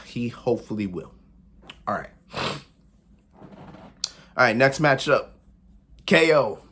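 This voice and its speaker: A man's voice: mid-range voice, a bit bright. A man casually talking through his match predictions, chatty, often repeating phrases and laughing between points. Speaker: wrestling pundit.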